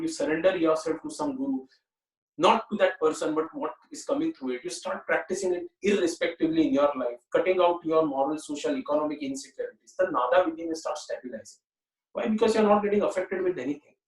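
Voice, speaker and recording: A man giving an earnest spiritual talk, often repeating himself and saying "you know". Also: sits high. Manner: earnest, repetitive, many "you know" fillers. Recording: roomy echo, mic at a distance.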